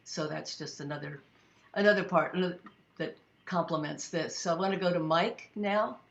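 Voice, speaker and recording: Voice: mid-range voice, normal speed, creaky, a bit bright. Moderator with a dull, roomy sound. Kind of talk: moderating a discussion.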